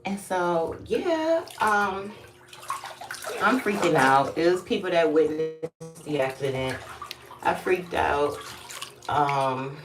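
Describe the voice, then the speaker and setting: A woman's voice: sits low, animated, takes it slowly, over music. A woman telling a candid, rambling storytime while taking a bath, swearing freely and acting out what people said. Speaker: vlogger. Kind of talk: casual storytime vlog. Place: bathroom, during a bath. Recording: echoey bathroom, mic at a distance.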